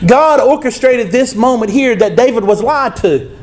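A high-voiced pastor preaches a sermon at normal speed with lively intonation. He's emphatic and conversational, often breaking into asides and calling out to the congregation in front of him.

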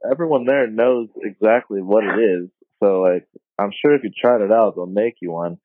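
A young man telling a story casually on a podcast, slangy and swearing, jumping high when he quotes people. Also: normal speed, no room sound. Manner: laid-back slangy, swears often, voices others in high tones. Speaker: podcast guest. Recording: phone-like dry sound.

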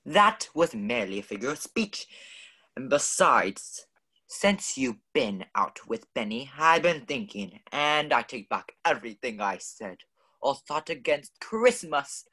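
A man's voice: mid-range voice, big pitch swings, measured pace, sharp tone, husky, exaggerated voice. A man voicing a stuffy, lecturing husband who declaims in a pompous way, as in a radio play. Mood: earnest.

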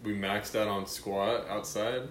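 A man's voice: on the low side, level tone, measured pace. A laid-back young man in casual chat, laughing as he recalls shared stories. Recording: echoey room with crowd noise.

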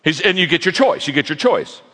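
A man's voice: fairly high pitch, animated, fairly quick, pushed and bright. A man preaching a sermon in a folksy, joking storytelling manner to a large audience. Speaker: pastor, guest speaker. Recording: long reverb of a large hall.

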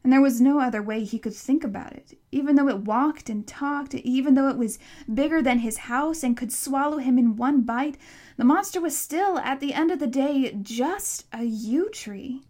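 A woman narrating an audiobook in a steady, expressive storytelling manner. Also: high voice, moderate pace. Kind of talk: audiobook reading.

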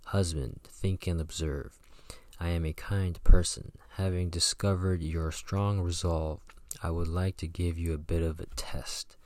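A man's voice: deep voice, no echo. A man reading aloud as a fierce, defiant female shaman, declaiming her lines like an incantation.

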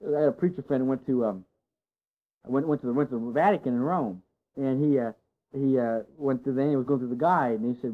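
Man, pastor, sermon, folksy, rhetorical questions, higher voice, muffled lo-fi sound. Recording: dull lo-fi sound.

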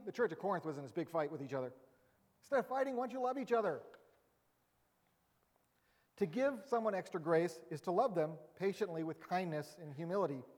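A man's voice: on the high side, a little mellow, long reverb tail. A man pastor preaching a sermon in a conversational, humorous way with emphatic rising bursts.

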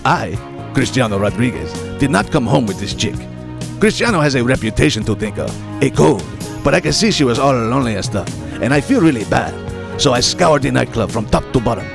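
A man puts on a grandiose, self-admiring nightclub romeo who speaks of himself in the third person. The voice swoops with lively pitch and a gravelly edge. Music plays clearly underneath. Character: vain boastful foreign male nightclub matchmaker.

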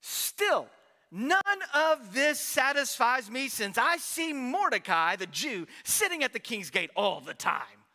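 A man's voice: very high voice, very animated, takes it slowly, sharp tone, exaggerated voice. A man voicing a proud, resentful ancient official, read aloud with a dramatic lean, in a reverberant hall.

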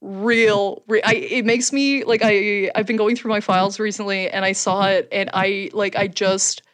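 A woman comedian co-hosting a podcast, swapping stories in easy, casual chat. Her voice sits at a middle pitch. She talks in an animated way, swears freely and laughs often. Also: moderate pace. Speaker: podcast co-host and stand-up comedian.

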